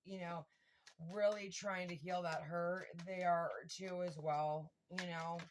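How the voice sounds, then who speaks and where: Excitable woman giving a casual tarot reading. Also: lowish voice, slow pace, a little hiss or hum. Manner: excitable, swears freely, addresses viewers directly. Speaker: tarot reader.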